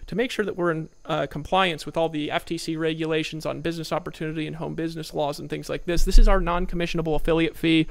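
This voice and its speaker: A man giving a sales training talk with lots of energy, acting out his old phone calls. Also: fairly high pitch. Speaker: network marketing trainer.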